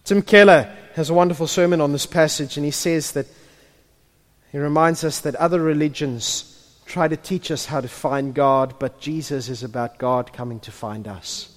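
Guy giving a sermon, highish voice, big swings from loud to hushed, long echo off the hall. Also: moderate pace. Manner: builds to impassioned, near-shouted peaks, then drops to hushed tones. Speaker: pastor.

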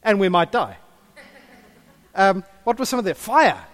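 In an unhurried, high voice, a male pastor preaches, weaving in stories with animated energy. He keeps up a chatty back-and-forth with the people in the pews.

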